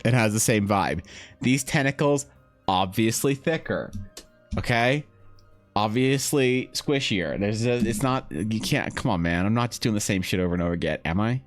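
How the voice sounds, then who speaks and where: A man streaming live while drawing, chatting casually in a rambling, joking way with animated asides. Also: lowish voice, normal speed, faint music behind. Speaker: streamer and game master. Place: home streaming setup.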